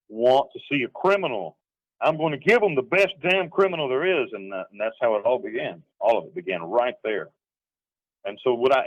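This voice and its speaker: In this interview, a middle-aged North Carolinian with a low voice rambles emphatically through his story, often acting out quotes. The sound is dull, dry and lo-fi like a phone line, with no room sound at all.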